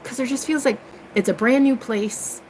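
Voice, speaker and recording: An American woman telling a story in a casual monologue, sassy and cheeky, calling listeners honey and girl, swooping up into high exclamations. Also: normal speed, darkish tone, slight background noise. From United States. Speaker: tarot reader and live streamer.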